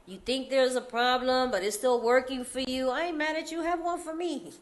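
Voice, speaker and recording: A California woman tells a meeting crowd about her recovery, using loose street slang at a normal pace. Her voice sits high, and she laughs often, joking her way through the difficult parts.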